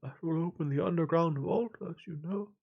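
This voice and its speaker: A man voicing a senile, guilt-ridden old knight in a dramatic reading of a text game, with a faint, slow, wavering voice. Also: fairly high pitch, creaky, narrow, tinny audio, voice pushed up. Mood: wistful.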